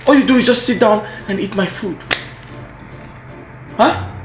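A man's voice: high voice, unhurried, reverberant, soft background music. An actor with a Nigerian accent playing a bossy husband scolding his spouse in a film drama. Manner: mocking, scolding. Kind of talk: film acting.

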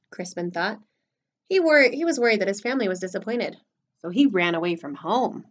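A woman teacher reading a picture book aloud for preschool children, in an expressive, animated way. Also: medium pitch, brisk. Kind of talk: storybook read-aloud for children.

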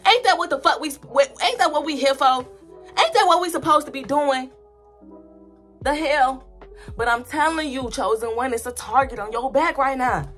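A woman's voice: high-pitched, normal speed, fairly bright tone, soft background music. A woman vlogger giving spiritual commentary in a blunt, profane, emphatic rant that repeats points over and over. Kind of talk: ranting casual commentary.

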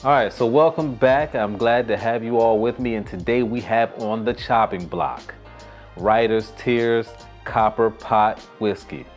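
A man hosting a casual whiskey review vlog, chatty and joking with quick asides. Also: mid-range voice, faint music behind. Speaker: host.

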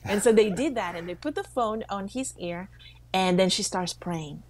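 A woman co-hosting a faith talk show, telling a story with lively quoted voices. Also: medium pitch, normal speed, slight background noise. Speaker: co-host.

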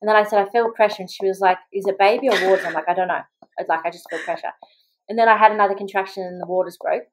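A young Australian mother, appearing as a podcast guest, tells her story in a chatty, quick way, peppering it with "like" and acting out quoted voices. Her medium-pitched voice has fairly even intonation, set against a noisy background.

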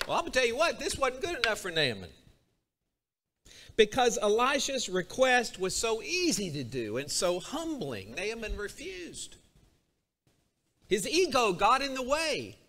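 Man, preacher, high voice, bright tone, lively sermon delivery in a church. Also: measured pace. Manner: animated, acts out a character's complaints. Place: church sanctuary.

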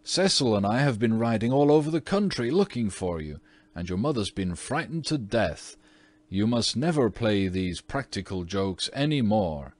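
A man's voice: on the low side, sing-song, moderate pace, dry recording, voice pushed up. A man voicing a stern, worried father who scolds his daughter rather angrily, in a storybook reading. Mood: angry. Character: stern middle-aged father, cross and worried.

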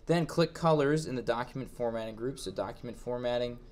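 A man reading each step of a software exercise aloud, then thinking aloud as he walks through it on screen. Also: medium pitch, fairly quick. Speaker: instructor. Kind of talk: screen-recorded software tutorial.

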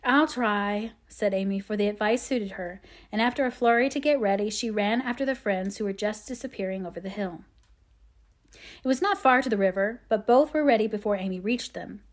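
A woman narrating a classic novel aloud in a measured, expressive storytelling manner. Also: mid-range voice. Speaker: audiobook reader. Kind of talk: scripted narration.

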